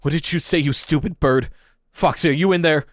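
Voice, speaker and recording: A man voicing a panicked, desperate teenage boy in an audiobook, frantic and shouting. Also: mid-range voice, normal speed, no echo, studio quality, voice pushed up, natural voice.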